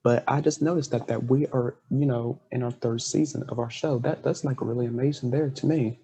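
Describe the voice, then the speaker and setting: A man's voice: medium pitch, steady tone, brisk, gravelly, warm tone, slightly rough. A man hosting a podcast, chatting with a guest in an earnest, heartfelt way. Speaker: podcast host. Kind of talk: casual interview chat.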